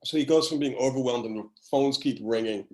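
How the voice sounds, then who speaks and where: An older man reminisces as a podcast guest, his voice at a middle pitch. He rambles through anecdotes, stopping and restarting mid-sentence. He sounds like he is talking over a video call. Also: brisk, poor audio. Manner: rambling, warm storytelling with restarts. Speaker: podcast guest, former children's TV writer. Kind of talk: casual chat.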